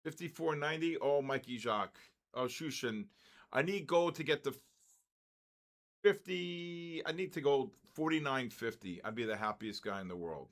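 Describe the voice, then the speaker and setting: An older man hosting a live trading stream, giving excitable market commentary, greeting viewers and stumbling over his words. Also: mid-range voice, normal speed.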